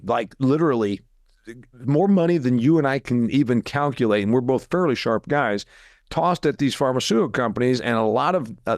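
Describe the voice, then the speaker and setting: A man's voice: mid-range voice, dry recording, studio quality. A middle-aged man hosting a podcast, talking in a blunt, opinionated way with wry asides. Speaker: podcast host. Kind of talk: conversational podcast talk.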